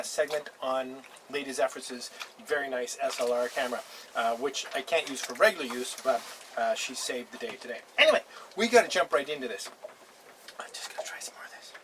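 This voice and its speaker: A man's voice: medium pitch, lively intonation, brisk, a bit bright, distant mic, slight background noise, rough recording. An older man hosting a casual beer-tasting vlog on a boat in a harbour, easygoing and chatty, chuckling now and then. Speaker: host.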